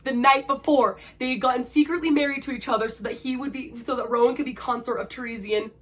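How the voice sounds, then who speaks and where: A woman hosts an emotional book-review vlog, gushing dramatically and saying "like" constantly. Her voice is high-pitched and fast, with fairly even intonation.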